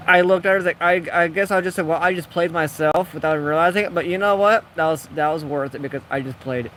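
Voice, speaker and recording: A man's voice: a little high, fast talker, fairly bright tone, slight background noise. A man casually telling a rambling, jokey story while building in a game, acting out the people he quotes. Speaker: gaming video creator.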